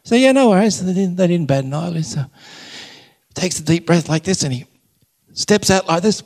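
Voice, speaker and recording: A man giving a live faith talk, a relaxed and jokey storyteller speaking to an audience in a large hall. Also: fairly high pitch, moderate pace. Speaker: Catholic speaker. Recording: long hall reverb.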